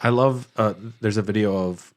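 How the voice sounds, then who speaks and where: A man's voice: on the low side, steady tone, normal speed. A man co-hosting a podcast, casually recapping a video game and laughing easily. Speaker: podcast co-host.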